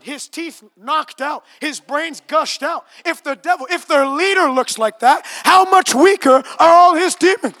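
High-voiced shouting male preacher. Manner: swings from low conversational asides to shouted declarations; repeats phrases for emphasis. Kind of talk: revival sermon. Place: large outdoor crusade gathering.

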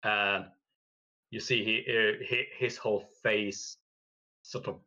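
A man narrating a tabletop game as game master, slow and halting with many fillers. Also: on the low side, steady tone, sharp tone, muffled recording.

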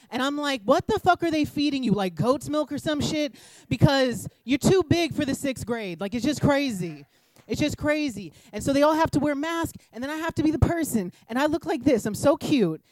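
A woman's voice: on the high side, a little mellow, no room sound, rough recording. Young woman doing standup, brash and swearing a lot, rambly, dry close sound. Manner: brash, profane, rambling and conversational. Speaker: stand-up comedian. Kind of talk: stand-up comedy set. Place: comedy room with a live audience.

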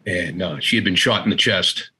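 Husky man telling his story haltingly. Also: low-pitched, pushed and bright, poor audio. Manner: halting, repeats words, quotes family in dialogue. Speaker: interview guest. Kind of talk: candid personal storytelling.

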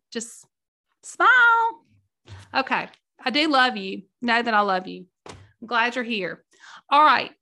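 A woman's voice: on the high side, bright, forceful tone. A middle-aged woman hosting a casual chat with her viewers, folksy, openly emotional and easily choked up. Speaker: host.

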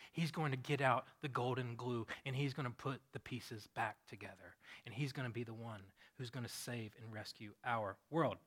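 Quiet insistent male gospel writer voiced by a preacher, low soft tone, bright timbre. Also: husky.

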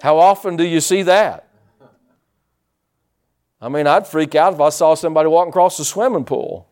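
A male pastor preaching a sermon, animated, acting out quotes and calling for responses from the congregation. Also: a little high, moderate pace.

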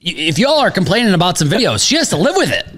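A high-voiced man hosts a casual betting podcast, his pitch leaping about as he talks. He hedges his picks and laughs easily. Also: racing. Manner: animated, hedging, laughs easily. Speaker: sports betting podcast host.

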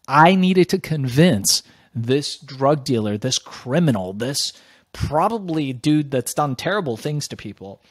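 A middle-aged man, a guest on an interview show, telling his story in a casual, animated, emphatic way and swearing freely. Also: on the high side, dry recording, clean studio sound.

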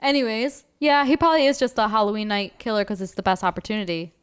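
A woman's voice: medium pitch, fairly even intonation, fast, clean tone. A woman co-hosting a podcast in a casual, chatty, joking way. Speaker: podcast co-host. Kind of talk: casual chat.

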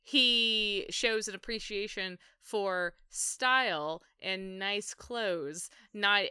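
A woman co-hosting a podcast, chatting about a TV show in an animated, jokey, enthusiastic way. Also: mid-range voice, drawn-out words, smooth, no echo, clean studio sound. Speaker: podcast co-host. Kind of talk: casual chat about a TV show.

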